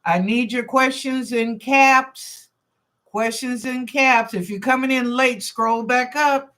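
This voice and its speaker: Her voice is on the high side, fairly bright, steady, and slow. She's a woman hosting a live stream of psychic readings, answering chat questions in a chatty, informal style while thinking aloud and repeating phrases.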